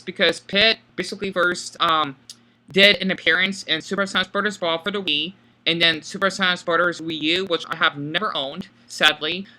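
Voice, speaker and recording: A man talks through a film in a loose, casual commentary. His voice is very bright and sharp-edged. He keeps a flat, monotone delivery, pausing often and leaning on filler words. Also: high-pitched. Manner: self-described monotone, hesitant with many fillers. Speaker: video creator.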